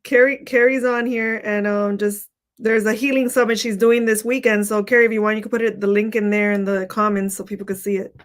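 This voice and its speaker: A woman's voice: mid-range voice, little pitch movement, brisk. A woman hosting a casual livestream. She talks chattily and laughs at herself often. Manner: giggly, chatty, self-conscious. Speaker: host.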